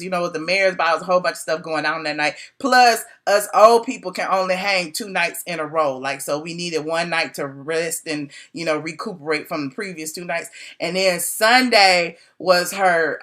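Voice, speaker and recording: A woman's voice: lowish voice, normal speed, bright, forceful tone. A woman blogger spilling gossip in a casual live stream, talking animatedly with slangy asides into her phone camera.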